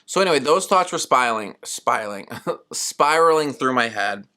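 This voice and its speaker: Young man, podcast host, bright voice, rambling, animated, quotes himself. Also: mid-range voice, normal speed. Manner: rambling and animated, heavy use of "like"; acts out his own past words in quoted asides. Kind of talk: solo podcast storytelling.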